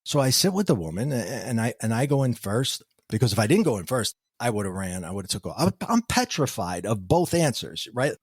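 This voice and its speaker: A middle-aged man tells his own story as a podcast guest, lively and acting out what others said to him. His voice sits in a medium male range and is recorded dry, with no room sound behind him. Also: medium pitch, a little fast, hardly any pauses, slightly rough, dry recording. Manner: animated, acts out quoted dialogue. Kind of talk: storytelling interview answers.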